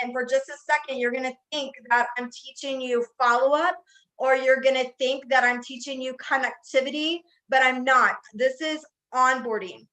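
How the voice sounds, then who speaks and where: A woman with a high, bright voice, speaking as an older motivational speaker. She tells stories with emphasis, circling back to drive her points home. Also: poor audio. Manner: emphatic, storytelling, repeats phrases for effect. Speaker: network marketing speaker. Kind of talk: motivational talk.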